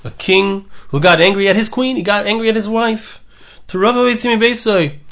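High-voiced, lively Torah teacher. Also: male voice, moderate pace. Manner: reads Hebrew and Aramaic text aloud then translates, lively and emphatic. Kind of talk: animated Torah class reading and explaining a midrash.

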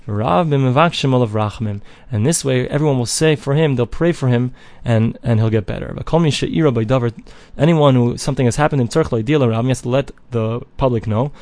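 A man of middle pitch teaches a classical text. He reads each phrase with an Ashkenazi Hebrew pronunciation and then explains it in plain English. The recording is dry, with no room around the voice. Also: fast, few pauses, mellow, no echo. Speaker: Talmud teacher. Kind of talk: reading and translating a text line by line.

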